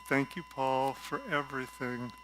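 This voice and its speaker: A man preaching a gentle, reflective sermon from a stage at a spiritual center, telling a story and often dropping to a soft voice. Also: mid-range voice, level tone, measured pace, slight background noise, low-quality recording. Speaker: guest speaker at a spiritual center.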